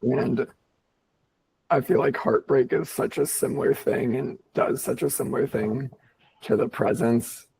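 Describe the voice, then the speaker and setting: A hoarse man whose voice is nearly gone, co-hosting a podcast in thoughtful, casual conversation that is sprinkled with swearing. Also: medium pitch, steady tone, unhurried, darkish tone, a little hiss or hum, low-quality recording. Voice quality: raspy, gravelly. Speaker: podcast co-host. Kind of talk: casual reflective chat.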